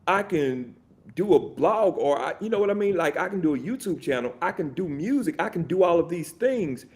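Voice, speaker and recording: Animated, rambling man in casual chat. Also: high voice, a little fast. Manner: animated, rambling, many fillers and restarts. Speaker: podcast guest.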